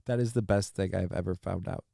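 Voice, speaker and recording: A man's voice: deep voice, fairly even intonation, fairly quick, creaky, dark tone, no echo, studio quality. A man hosting a livestream, chatting casually and reading out viewer comments in a rambling, profane, joking way. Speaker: livestream show host.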